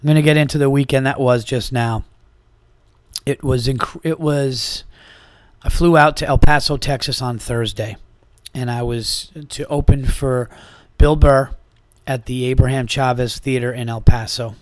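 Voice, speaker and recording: A man hosting his own podcast, talking casually and a little hoarse from a sore throat, telling a rambling, profane story with lots of restarts. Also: medium pitch, steady tone, unhurried, no room sound. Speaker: podcast host and comedian.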